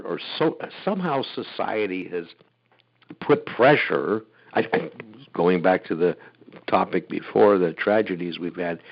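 A man hosts a casual call-in discussion, rambling in a folksy, encouraging way. His voice sits in an ordinary middle register. The recording is a little dull and lo-fi. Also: medium pitch. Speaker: host.

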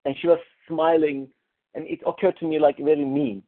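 A man on a coaching call, talking in a halting way, restarting and searching for words. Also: on the high side, steady tone. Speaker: coaching client. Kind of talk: casual conversation on a coaching call. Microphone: call audio. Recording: narrow phone-line call audio.

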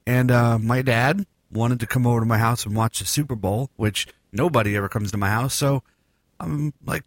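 A man's voice: medium pitch, fairly even intonation, moderate pace, dry recording. Rambling man hosting a podcast, dry sound. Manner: rambling, joking, many fillers. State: morning voice. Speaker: podcast host. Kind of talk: casual podcast chat.

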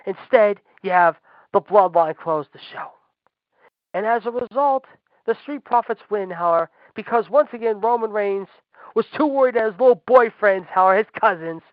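A man's voice: high voice, no echo. Angry, profane man ranting on a podcast. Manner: profane, sarcastic, fired-up. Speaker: wrestling podcast host. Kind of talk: ranting commentary. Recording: dull lo-fi dry recording.

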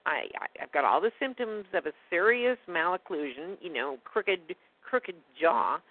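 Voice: medium pitch, lively intonation, measured pace. A guest telling a personal story in a rambling, indignant way during a casual phone conversation. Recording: tinny phone line, dry.

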